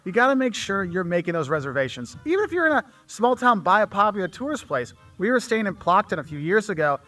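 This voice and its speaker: A man's voice: high voice, very animated, quick pace, sharp tone, faint music behind. A man giving casual travel advice straight to the camera, chatty and checking in with the viewer. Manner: chatty, repeats 'okay?' to the viewer. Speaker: travel video creator.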